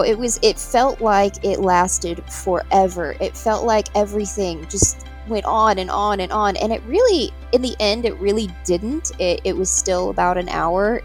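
Woman, podcast guest, expressive storyteller, laughs often, mid pitch, faint music behind. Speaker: guest, pet hospice veterinary worker. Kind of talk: animated anecdote-telling. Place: Tampa area.

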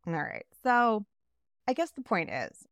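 A woman co-hosting a casual podcast chat, talking in an animated way and acting out the voices she quotes. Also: mid-range voice, a little slow, no echo, studio quality. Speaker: podcast co-host.

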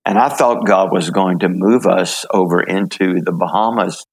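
An older man from the United States telling his story in an interview, halting, with many fillers and restarts. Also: deep voice, vocal fry, breathy edge. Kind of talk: relaxed testimony in conversation.

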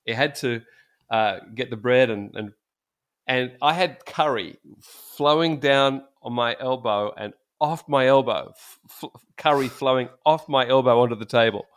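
A middle-aged man, a pastor, telling stories in casual chat, animated and laughing often. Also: medium pitch, unhurried, smooth.

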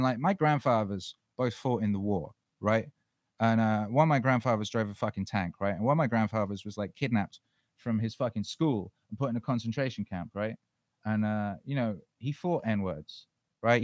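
A man's voice: fairly low pitch, moderate pace, no room sound. A man hosting a casual livestream Q&A, talking in a profane, fired-up ranting way. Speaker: livestream host.

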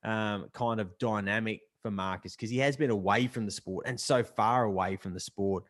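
A man's voice: lowish voice, normal speed, no echo. A man guesting on a motorsport podcast, enthusiastic and talkative in long flowing turns. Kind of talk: casual motorsport chat.

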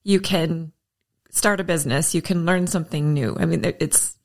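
A woman's voice: low-pitched, normal speed. A woman interviewing a guest, supportive and outgoing. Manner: supportive, calls herself an extrovert. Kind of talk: casual interview.

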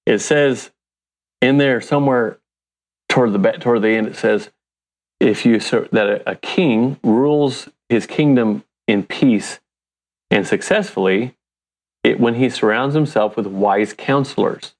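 A man's voice: mid-range voice, measured pace. A man from the United States, a company founder and interview guest, telling stories casually, laughing often and acting out his own thoughts.

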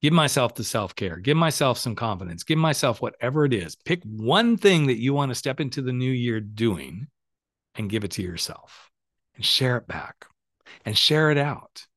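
A middle-aged man talks straight into a dry, close podcast mic, coaching his listeners with lively emphasis and casual swearing. His voice sits at an ordinary middle pitch and swings up and down as he gets worked up. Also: normal speed, dry recording. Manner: animated, emphatic, swears freely. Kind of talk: casual motivational monologue.

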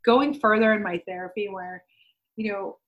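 A woman's voice: medium pitch, moderate pace, muffled recording. A young woman, a podcast guest, candidly telling her story in casual speech full of "like" fillers and the odd swear word. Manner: chatty, swears freely, many "like" fillers.

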